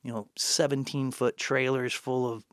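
An older man from Kansas spins long, rambling anecdotes in loose conversation. He laughs often and swears freely. His voice sits at an ordinary pitch in a dry, close sound. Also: little pitch movement, moderate pace, no room sound. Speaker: podcast guest, bookstore owner. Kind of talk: casual storytelling conversation.

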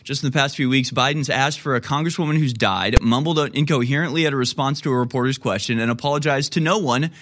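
A man's voice: medium pitch, quick pace, hardly any pauses, a bit bright. Sarcastic, rambling male commentary host.

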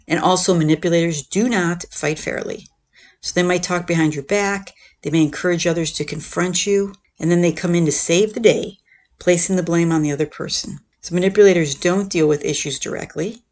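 A podcast host explaining things in a casual, conversational way, often checking in with "right?" and "you know". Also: medium pitch. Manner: acts out quoted lines in a lifted, animated voice. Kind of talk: casual explanatory talk on relationships.

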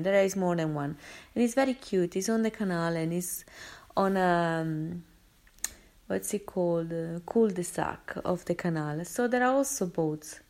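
A woman's voice: lowish voice, a little mellow. A woman vlogger rambling through a personal story in a casual, chatty way, with many fillers and restarts. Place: London.

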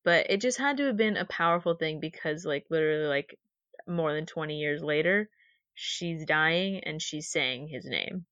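Young woman, tired podcast co-host, slightly low voice, dry and a bit dull recording, rambling casual chat. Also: lively intonation, normal speed, a bit bright, dry recording. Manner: chatty, rambling, laughs often. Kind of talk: casual book-discussion chat.

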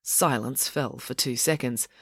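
A lively host reading a children's book aloud, moving through the narration with relish and then chatting straight to young listeners. The voice sits at a middle pitch. The recording is close and dry with no room sound. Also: measured pace, breathy edge, no echo. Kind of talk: storybook narration.

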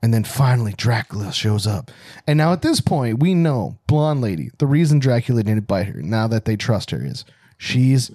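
A man's voice: big pitch swings, moderate pace, dark tone, no echo. A man with a middle-range voice, riffing loosely on a bad horror film. He acts out the characters in playful bursts. The recording is dry and close. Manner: playful, mimics characters with sudden pitch jumps. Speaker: podcast co-host. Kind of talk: casual movie-recap banter.

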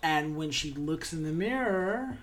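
A woman's voice: low voice, expressive, unhurried. A woman co-hosting a casual chat, animatedly retelling a musical's plot and acting out the characters' lines. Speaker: podcast co-host.

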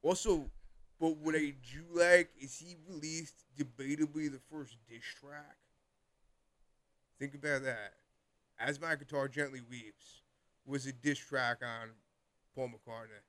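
A man's voice: mid-range voice, steady tone, a little slow, pauses often, fairly bright tone. A young man co-hosting a podcast, chatting casually and rambling with lots of "like" and frequent laughter. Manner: rambling, laughs often, heavy use of "like". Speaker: podcast co-host. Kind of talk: casual chat.

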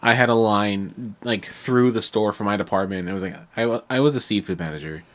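Animated storytelling man, casual chat. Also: fairly quick. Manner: animated storyteller, acts out customers in a high put-on voice. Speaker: podcast co-host.

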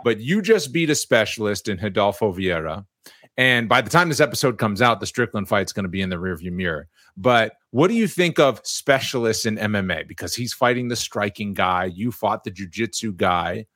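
A man hosting a podcast, asking questions in a relaxed, conversational way. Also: on the low side, normal speed, no room sound, clean studio sound. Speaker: podcast host, interviewer. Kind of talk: casual podcast interview.

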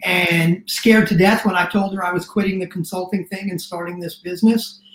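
A middle-aged man appears as a guest coach in a casual interview, telling his story earnestly; he grows emotional and rushes into restarts. His high voice is steady and a bit bright, recorded in a roomy space with noticeable echo and slight background noise.

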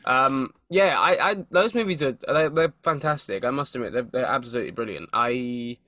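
Bright-voiced man rambling about movies. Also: medium pitch, normal speed, dry recording. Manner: rambling, restarts often, swears casually. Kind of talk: casual chat.

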